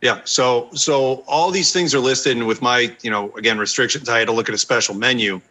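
A man's voice: medium pitch, brisk, sharp tone, rough recording. A man co-hosting a podcast in casual chat, easygoing and explaining things step by step. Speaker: podcast co-host.

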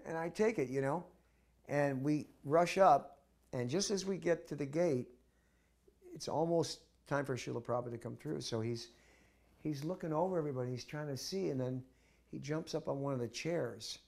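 Gravelly man telling a lively story. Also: on the high side, moderate pace. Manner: acts out the voices in his stories; vivid, with restarts. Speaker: interviewee recounting memories. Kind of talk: animated storytelling.

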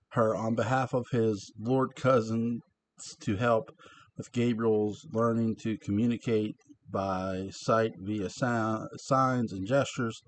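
A man casually reading a book aloud, stumbling on words and breaking off into chatty asides. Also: medium pitch. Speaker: reader of a book. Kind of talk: casual read-aloud narration.

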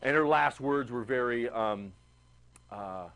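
A man teaching a history class in a classroom, animated and chatty, often checking in with the students. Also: medium pitch, slow pace, faint music behind, rough recording. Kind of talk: classroom lecture.

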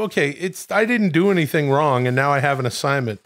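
A man co-hosting a podcast in casual banter, rambling and halting as he interrupts himself. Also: fairly high pitch, animated, fairly bright tone. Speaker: podcast co-host.

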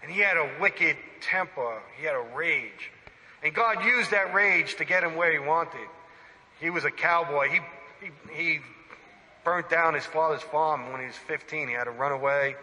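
Priest, male, sermon; bright and forceful, emphatic, quizzes the congregation; church reverb. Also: fairly high pitch, normal speed. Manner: animated, emphatic preaching with direct questions to listeners.

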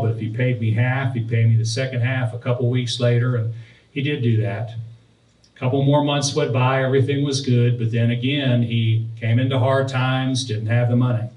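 A pastor preaching, telling a personal story and then reading and explaining scripture verses. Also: male voice, medium pitch, darkish tone. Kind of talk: sermon. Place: church sanctuary. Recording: roomy, distant from the mic.

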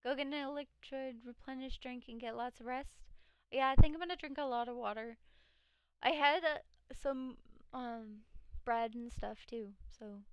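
A woman live streamer chats casually with her viewers, reading chat aloud and laughing frequently. Her high voice is smooth at a normal speed, though she sounds tired and it cracks now and then. There's no echo.

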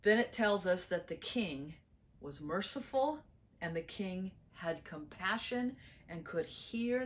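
Animated woman preaching a sermon. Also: medium pitch. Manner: animated storytelling, acts out characters.

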